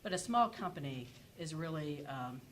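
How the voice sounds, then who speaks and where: Panelist, woman, lower register, halting delivery full of "uh" and "like", faint background hiss. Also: expressive, low-quality recording. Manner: hesitant, many fillers and self-corrections. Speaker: energy policy panelist. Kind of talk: conference panel presentation.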